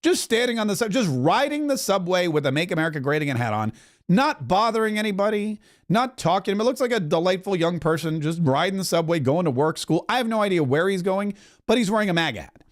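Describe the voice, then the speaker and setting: Male podcast host, bright high pitch, loose comic commentary with rambling asides. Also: sing-song, fast. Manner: joking, rambling, chuckling asides.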